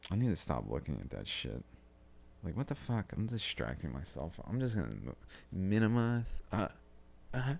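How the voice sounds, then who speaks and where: A man with a low, gravelly voice talks unhurriedly into a podcast mic, his pitch rising and falling a lot. He meanders from thought to thought, cuts himself off, and swears casually as he goes. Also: big pitch swings, moderate pace, a little mellow. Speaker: podcast host. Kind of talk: rambling solo podcast musing. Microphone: studio-style podcast mic.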